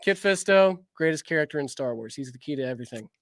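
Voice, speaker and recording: A man's voice: on the high side, lively intonation, fast, fairly bright tone, no echo, studio quality. A man who creates fan films, arguing his views playfully in casual chat and stammering restarts.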